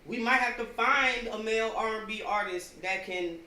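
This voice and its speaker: A man co-hosting a podcast in casual, slangy chat with a laid-back, drawn-out delivery. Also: high-pitched, echoey room, distant mic, a crowd in the background. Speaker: podcast co-host.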